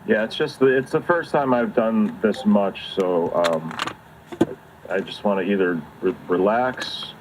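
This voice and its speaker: A man's voice: fairly low pitch, measured pace, noisy background. A man in a casual group chat who talks in a nervous, hesitant way.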